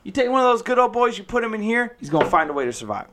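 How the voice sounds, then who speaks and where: A man with a high, lively voice whose pitch swings widely. He chats casually, agreeing and chiming in often. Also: slight background noise. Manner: agreeable, chiming in with quick affirmations. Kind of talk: casual chat.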